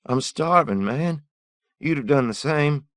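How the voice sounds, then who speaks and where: A man voicing a starving, desperate male thief who begs for his life, pitched well above his own voice. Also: expressive, unhurried, fairly bright tone, no room sound, studio quality. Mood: desperate pleading. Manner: begging, pleading.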